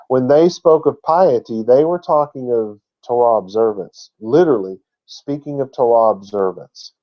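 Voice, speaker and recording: A man's voice: medium pitch, dull audio. A man giving an emphatic teaching talk who spells out words letter by letter. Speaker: Bible teacher.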